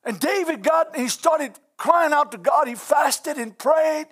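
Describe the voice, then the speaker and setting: A man with a strikingly high voice delivers a sermon with fervent intensity. He punctuates his preaching with exclamations and swells into shouts, pressing each point hard. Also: unhurried.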